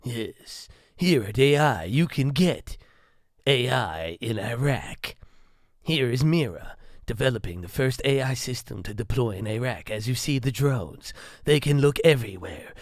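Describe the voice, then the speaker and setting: A deadpan narrator for a spoof tech promo, put on by a man, dry and mock-serious. The intonation rises and falls a lot, and the recording is close and dry with no room sound. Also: medium pitch, unhurried, dry recording, lightly acted.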